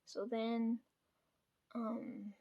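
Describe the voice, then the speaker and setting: Young woman vlogging, kinda high voice, rants and swears a lot, lots of likes. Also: little pitch movement, drawn-out words, mellow, muffled recording. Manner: venting, swears a lot, many fillers. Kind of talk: casual storytelling vlog.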